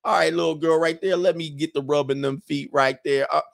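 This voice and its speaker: A man's voice: on the high side, fairly even intonation, a little fast, creaky, no echo, clean studio sound, pitched above the performer's own voice. Man putting on a drawling Southern charmer. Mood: drawling flirt. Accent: put-on American Southern drawl. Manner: drawling, sweet-talking, teasing.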